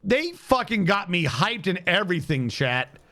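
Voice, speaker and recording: A man streaming a game with casual commentary, animated and exasperated, swearing freely and talking to chat. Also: high voice, unhurried.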